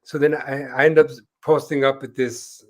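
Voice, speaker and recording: A man's voice: mid-range voice, level tone, normal speed. A man co-hosting an interview show, telling a long story in casual chat, rambling with many fillers and acting out the voices of people he quotes. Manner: rambling, full of "like" and "you know", acts out quoted voices. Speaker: co-host.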